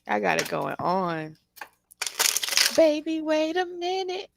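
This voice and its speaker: A woman giving a casual, animated tarot reading, teasing the listener and laughing often. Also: high-pitched, slow, vocal fry, pauses often, noisy background. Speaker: tarot reader.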